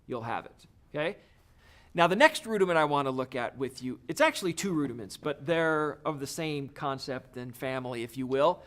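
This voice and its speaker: A male drum teacher explains a video lesson step by step. His tone stays encouraging throughout. His voice sits a bit on the high side for a man. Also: animated, moderate pace, a bit bright.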